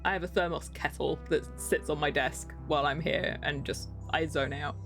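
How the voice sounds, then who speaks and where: A woman's voice: sits low, fairly even intonation, normal speed, fairly bright tone, faint music behind. A young English woman streaming a game, chatting casually, rambling and giggling between thoughts. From England. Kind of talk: casual live-stream chat.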